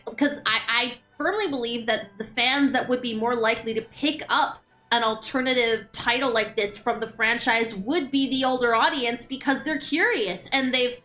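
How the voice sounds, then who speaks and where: A woman's voice: fairly high pitch, bright, forceful tone. A woman streamer chatting casually and animatedly while playing a game, often repeating words as she starts a thought. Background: game music.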